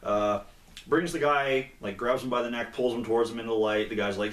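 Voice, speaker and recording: A man's voice: mid-range voice, fairly quick. Casual man retelling a comic, echoey room. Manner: relaxed, rambling, fillers and acted-out quotes in a raised voice. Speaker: comic book reviewer, co-host.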